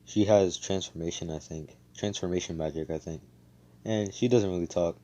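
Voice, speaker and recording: Brief: young man, laid-back slangy storyteller, deep voice. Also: moderate pace, warm tone. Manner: casual, slangy, profane, many fillers. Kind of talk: casual fan-fiction retelling.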